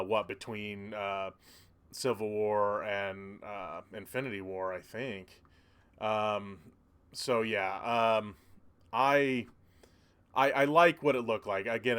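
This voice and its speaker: A man's voice: on the low side, fairly bright tone, clean tone. A man hosting a casual livestream, reading out viewer comments and rambling with lots of hesitations. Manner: rambling, hesitant, many ums and restarts. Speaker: livestream host.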